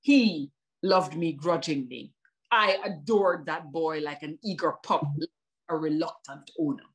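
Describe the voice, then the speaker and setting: Jamaican woman performing spoken word poetry. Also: low-pitched. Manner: rhythmic, emphatic delivery with dramatic pauses; chatty asides to an unseen audience. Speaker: poet and performer. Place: remote performance for an online audience.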